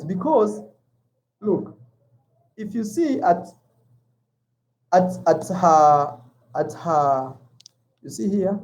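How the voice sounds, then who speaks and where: Mellow-voiced Kenyan man chatting to viewers. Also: sits high, lively intonation, drawn-out words, pauses often, low-quality recording. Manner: chatty, repeats words, calls viewers 'man'. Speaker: travel vlogger. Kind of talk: casual vlog chat to viewers.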